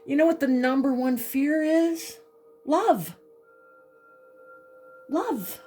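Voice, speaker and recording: A woman's voice: sits high, drawn-out words, warm tone, soft background music. A woman doing a spiritual tarot reading, emotional and repeating herself, often saying "okay". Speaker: tarot reader.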